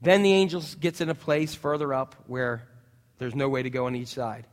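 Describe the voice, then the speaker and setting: A man's voice: medium pitch, normal speed. A man preaching a sermon in a church, telling stories animatedly and acting out voices. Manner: animated storytelling, acts out voices. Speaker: pastor. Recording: long church-hall reverb.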